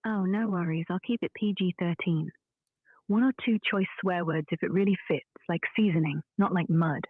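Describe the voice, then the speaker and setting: Breathy AI woman on phone speaker. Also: lowish voice, normal speed, dry recording, narrow, tinny audio. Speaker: AI chat companion. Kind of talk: conversational reply.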